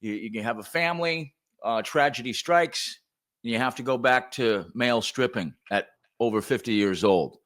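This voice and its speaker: A man's voice: mid-range voice, normal speed. A man hosting a podcast who runs the talk and reads script narration aloud, with frequent stammering restarts. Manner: lively, directs the conversation, stammers on restarts. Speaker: podcast host. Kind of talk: casual podcast chat, reading script narration.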